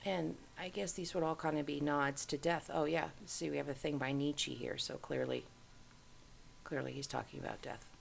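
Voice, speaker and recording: A woman's voice: deep voice, steady tone, normal speed, gravelly, slight background noise. A middle-aged woman hosting, giving casual commentary while browsing on screen and musing aloud as she goes. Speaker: host.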